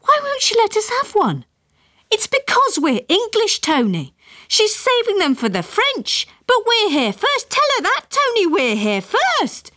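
A woman voicing an anxious, whiny middle-aged English mother who complains in a shrill voice in a read-aloud story. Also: very animated, a little slow, no room sound, studio quality. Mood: indignant.

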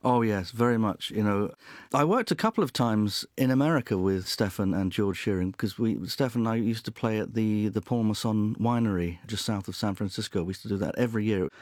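A man's voice: lowish voice, a little fast, darkish tone, no room sound, studio quality. Chatty male musician telling anecdotes. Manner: chatty, reminiscing, laughs often. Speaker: musician guest. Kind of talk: anecdotal chat.

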